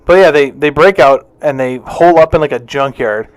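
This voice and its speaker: Chatty man with a higher voice. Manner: chatty, jokey, quick to laugh. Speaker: podcast co-host. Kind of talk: casual movie recap chat.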